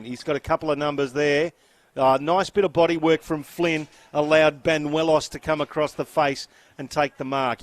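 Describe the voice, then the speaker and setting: An Australian man calling a football match through a headset, brisk with wry asides. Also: a little high. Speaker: play-by-play commentator. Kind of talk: sports commentary.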